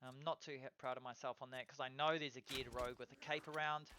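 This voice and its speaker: A man narrating his own gameplay in a casual voiceover, excitable and swearing, breaking into loud cheers over kills. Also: mid-range voice, quick pace, a little hiss or hum. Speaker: gameplay commentator.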